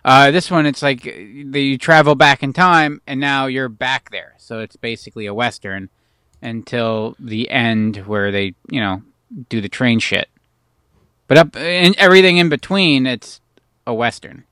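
A man chatting on a podcast in a halting way, often repeating words while he works out his point. His voice is bright and smooth, with a resonant clarity. The recording is dry and close. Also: medium pitch, dry recording. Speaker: podcast co-host. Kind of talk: casual chat.

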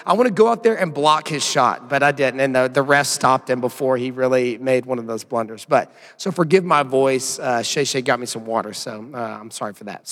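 Man, pastor, hoarse voice, 30s, casual rambling church talk, long hall reverb. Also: medium pitch, fairly bright tone. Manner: casual, rambling, self-deprecating asides. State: hoarse from yelling while coaching. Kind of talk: church announcements and sermon opening.

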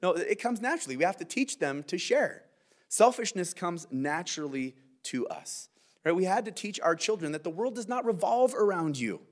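A man preaches a verse-by-verse sermon in an earnest, conversational way, drawing his listeners in with quick asides. His voice sits a little high and moves a lot, rising and falling through each point. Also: sing-song. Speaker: pastor.

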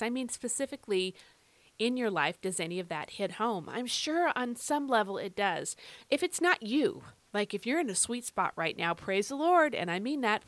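A woman's voice: medium pitch, no echo. A woman hosting a devotional podcast, reading scripture and teaching in an earnest, emphatic, conversational way.

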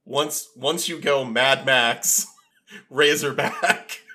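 A man co-hosting a casual podcast, talking in quick chatty bursts full of "like.". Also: mid-range voice, pushed and bright. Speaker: podcast co-host. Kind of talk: casual chat.

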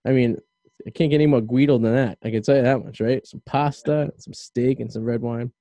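Dark-voiced rambling male radio host. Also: mid-range voice, fairly even intonation, brisk, no echo. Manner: rambling, loose, filler-heavy talk. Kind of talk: casual chat.

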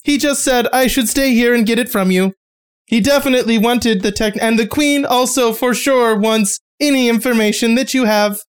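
A woman's voice: on the high side, moderate pace, clear, resonant tone, lightly acted. A woman voicing a curious male insect-folk envoy who speaks stiffly and formally, without contractions, in a tabletop game. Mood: earnest.

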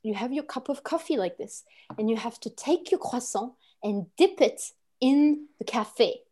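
A woman's voice: on the high side, lively intonation, moderate pace, dark tone. A woman playing a haughty, snobbish French woman with a put-on French accent, lecturing with disdain in an improv exercise. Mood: instructing. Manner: lofty, disdainful, drops French words.

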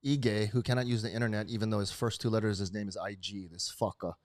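A man's voice: lowish voice, fast talker, no room sound, clean studio sound. Brash swearing man. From Hawaii. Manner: brash, swearing, animated bursts. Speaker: host. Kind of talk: casual profane chat.

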